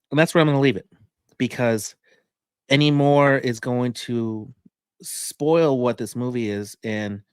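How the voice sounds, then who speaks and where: A man's voice: medium pitch, clean tone, no room sound, studio quality. A man co-hosting a podcast, reviewing a movie in casual, enthusiastic chat full of fillers. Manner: rambling, enthusiastic, many fillers.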